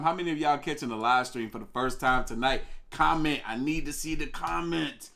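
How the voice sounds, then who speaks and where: A man's voice: fairly high pitch, moderate pace, gravelly, hardly any pauses, pushed and bright. A man hosting a live stream in casual chat, loose and chatty as he greets viewers by name. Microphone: desk microphone.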